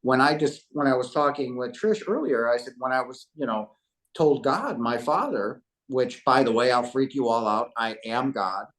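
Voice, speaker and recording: A man's voice: mid-range voice, animated, normal speed, a bit bright. A man in his fifties, a podcast guest, giving an emotional spiritual testimony and addressing listeners like a preacher. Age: 50s.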